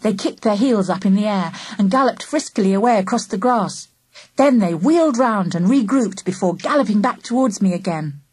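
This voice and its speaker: Lively woman reading a children's story. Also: mid-range voice, normal speed, slightly rough, no room sound. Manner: lively, animated first-person storytelling. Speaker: audiobook narrator. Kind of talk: storybook narration.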